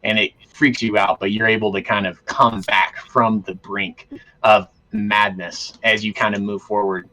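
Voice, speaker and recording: A man running a tabletop role-playing game as game master, narrating scenes in a descriptive, relaxed way with frequent fillers. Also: on the low side, measured pace.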